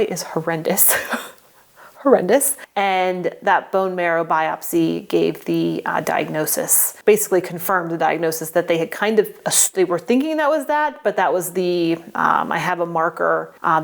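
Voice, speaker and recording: A woman in her forties with a somewhat low voice speaks to camera in a personal vlog. She talks earnestly and haltingly, often restarting her sentences and filling pauses. Emotion sits close to the surface, and she seems near tears at times. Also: gravelly. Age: 40s. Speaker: vlogger sharing a health update.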